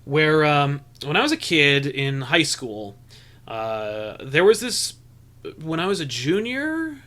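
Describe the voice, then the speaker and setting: A man's voice: a little high, big pitch swings, takes it slowly, pushed and bright. A young adult man co-hosting a podcast, telling a rambling story full of restarts in casual chat. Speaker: podcast co-host.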